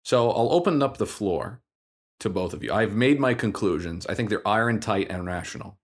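A man co-hosting a podcast, telling a story in a casual, animated way. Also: lowish voice, moderate pace. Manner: animated storyteller, acts out dialogue. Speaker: podcast co-host.

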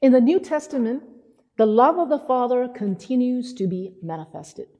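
Woman, sermon, husky voice, lively storytelling, long hall reverb. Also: a little high, normal speed. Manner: animated storytelling, acting out quotes. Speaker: preacher.

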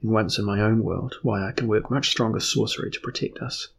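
A man's voice: fairly low pitch, fairly quick, creaky, husky. A man voicing a proud, moody sorcerer-emperor who speaks sardonically, in an audiobook reading. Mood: sardonic. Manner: sardonic, steady.

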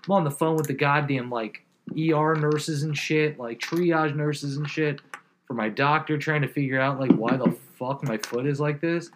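A man with a slightly high voice tells a rambling, profane story, full of fillers and laughs. Faint noise sits under the recording. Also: moderate pace. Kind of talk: casual chat.

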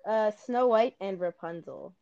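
A woman's voice: medium pitch, a little slow, no echo. A woman co-host who rambles and argues her points emphatically in a casual video-call chat. Her voice sits mid-range for a woman. The call audio is dull and lo-fi. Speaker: podcast co-host.

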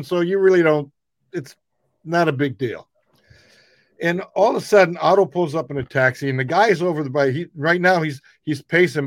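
A middle-aged man, a comedian guest, telling rambling, animated anecdotes. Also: fairly high pitch, dry recording. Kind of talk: casual storytelling.

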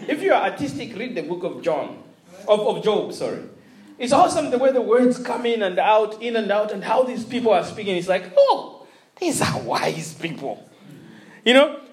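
A man preaching a sermon, telling a story in an animated way with chuckles and restarts. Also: high-pitched, brisk.

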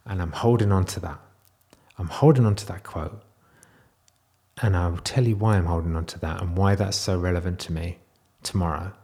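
Speaking straight to camera in a raw video diary, a vlogger with a somewhat low voice sounds close to tears. He stumbles, restarts, and trails off into quieter stretches, at a normal speed with fairly even intonation.

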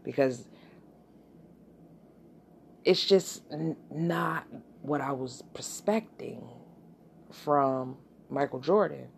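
A woman hosting her own podcast, delivering a blunt, profane, animated solo rant. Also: extremely low pitch, very slow, vocal fry, pauses often, a little hiss or hum. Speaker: podcast host.

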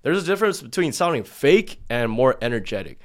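A man co-hosting a casual talk video, chatty and loose, with lots of "like" and a flat delivery. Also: medium pitch, fairly quick. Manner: loose and chatty, heavy use of "like"; calls his own delivery monotone. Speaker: video co-host. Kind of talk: casual chat.

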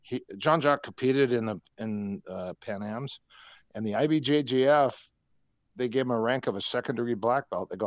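A man's voice: medium pitch, moderate pace, dry recording, muffled recording. An older man, a martial arts coach, telling rambling anecdotes with frequent restarts as a podcast guest. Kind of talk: casual podcast chat, storytelling.

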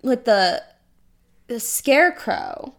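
A young adult woman, a podcast co-host, in casual chat, retelling a film plot in an animated way, swearing freely and acting out quotes. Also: fairly high pitch, slow pace.

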